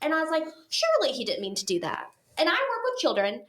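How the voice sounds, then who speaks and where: Chatty woman with a higher voice. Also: quick pace. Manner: talkative, animated, acts out what others said. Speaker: podcast guest. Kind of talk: casual storytelling chat.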